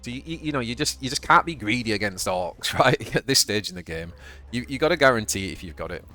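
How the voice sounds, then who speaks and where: Soft music plays behind a fast-talking man with a Yorkshire accent who narrates his own card game casually. A channel host, he thinks aloud and often stumbles and repeats himself. His mid-range voice is sharp, with lively intonation.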